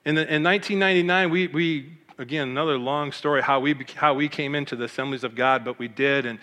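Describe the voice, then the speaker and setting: Animated man telling his testimony. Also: on the high side, quick pace, big-room sound. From Michigan, USA. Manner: animated, emotional, acts out quoted voices. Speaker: pastor. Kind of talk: personal testimony storytelling.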